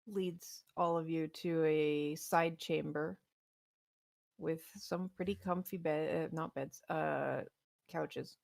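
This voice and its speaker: A woman's voice: deep voice, steady tone, slow, gravelly, darkish tone, no room sound, clean studio sound. A woman game master narrating a tabletop game in an easygoing, casual way.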